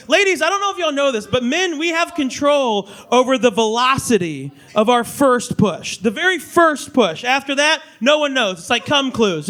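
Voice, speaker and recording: A man performing a stand-up comedy set on a club stage, telling crude stories in a loud, animated way. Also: very high voice. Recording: live club audience laughter.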